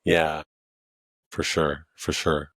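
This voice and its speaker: A man's voice: very deep voice, flat delivery, slow, a bit bright, no room sound, clean studio sound. A man chatting casually on a podcast, encouraging and affirming his friend, often adding "you know".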